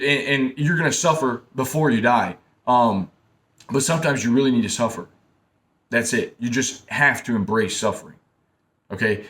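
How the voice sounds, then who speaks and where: A man's voice: medium pitch, fairly bright tone. A young man giving casual, blunt advice straight to his listeners. He repeats himself and keeps calling them man and bro. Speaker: self-help talker. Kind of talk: casual direct-to-camera advice talk.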